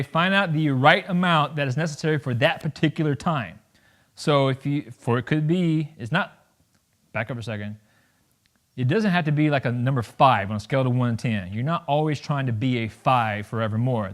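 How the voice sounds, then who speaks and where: A man in his thirties giving a lively, joking talk to a college audience, acting out little voices as he goes. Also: mid-range voice. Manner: animated, jokey, acts out quick voices. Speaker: guest speaker.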